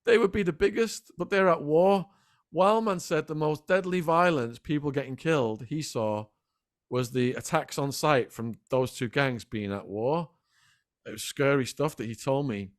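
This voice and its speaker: A middle-aged man, a podcast guest telling animated stories in a casual interview. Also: fairly high pitch, dry recording, studio quality. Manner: animated, quick anecdotal storytelling. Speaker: podcast guest, former prisoner.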